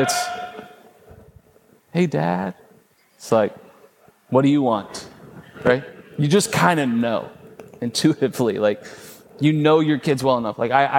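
Conversational male pastor preaching. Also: medium pitch. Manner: conversational, storytelling with frequent "right?". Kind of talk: sermon.

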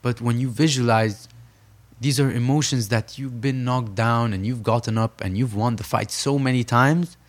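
A man's voice: medium pitch, fairly even intonation, normal speed. A young man from Saudi Arabia, a podcast guest telling his story in an earnest, emphatic way and repeating phrases for stress. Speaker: podcast guest, professional boxer.

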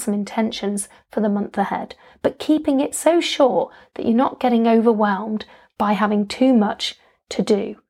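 Woman, podcast coach host, a bit high-pitched, upbeat and instructive, casual with fillers. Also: a little mellow. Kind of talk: solo podcast coaching talk.

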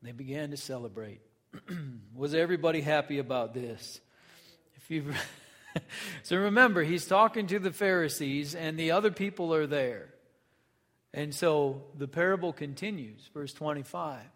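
A male pastor preaches in an easy, conversational way, reading scripture and then putting questions to his listeners. His voice sits a little high for a man. A long reverb trails his words. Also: normal speed, a bit bright. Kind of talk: sermon.

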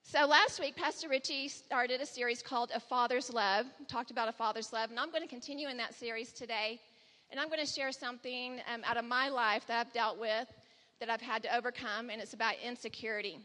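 A woman in her forties tells a personal testimony from a church stage. Her voice sits a little high and rings bright, and it trails off into the long reverb of a big hall. She speaks candidly and slips into dialogue when quoting her son. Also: fairly even intonation, fairly quick.

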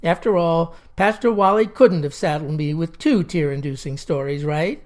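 A woman's voice: sits low, moderate pace, hardly any pauses, darkish tone. A woman telling a comic story in a wry, folksy, drawling manner. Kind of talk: comic monologue.

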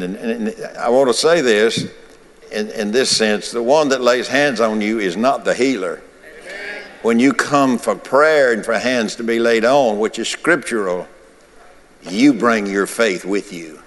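Low-voiced preacher in an echoing church. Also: male voice. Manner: repetitive preaching cadence. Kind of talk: sermon. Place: church sanctuary.

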